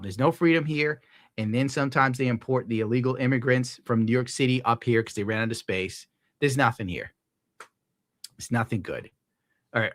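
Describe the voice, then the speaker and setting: Give me a young guy on a livestream reading tips and ranting, middle pitch, dry sound. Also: a bit bright, dry recording. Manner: profane, ranting, gets worked up. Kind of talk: casual livestream chat.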